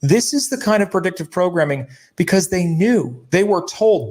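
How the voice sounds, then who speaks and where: A man's voice: high voice, expressive, normal speed, a little mellow. A man co-hosting a talk show, talking heatedly and indignantly, mimicking newscasters and swearing now and then. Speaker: co-host.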